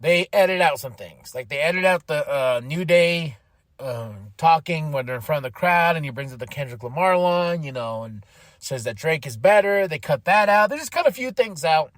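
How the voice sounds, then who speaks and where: Podcast host, male, fairly high voice, excitable and chatty, laughs a lot. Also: moderate pace, no room sound, studio quality. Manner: animated, laughs often, acts out quotes. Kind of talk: casual wrestling recap.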